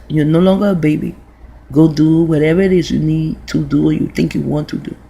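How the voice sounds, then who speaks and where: A woman in her forties, with a lowish, mellow voice and vocal fry, tells a long, rambling, profane story in a casual vlog monologue. She restarts her sentences often.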